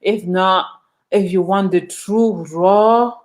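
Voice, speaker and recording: A woman's voice: mid-range voice, steady tone, slow. A woman from Ghana, speaking to her viewers in a casual opinion monologue. She is earnest and passionate and often restarts her sentences. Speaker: vlogger.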